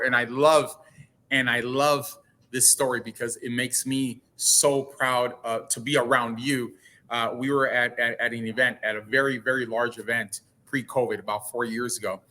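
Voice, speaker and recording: A bright, ringing male voice at a middle pitch, talking earnestly as a guest in an online show. He often restarts, stacking repeated words before getting his thought out. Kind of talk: casual interview talk.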